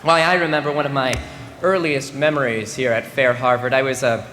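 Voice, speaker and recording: In a reverberant ceremony hall with faint background noise, a graduating student in his twenties delivers a joking speech. His mid-range voice is steady, sharp, and fairly quick, and he lands mock-serious comic beats over the crowd's laughter.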